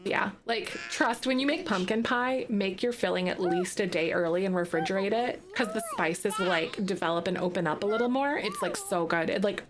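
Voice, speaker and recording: A woman streaming live, chatting casually with lots of fillers and bursts of excitement. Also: medium pitch, moderate pace, few pauses, background noise.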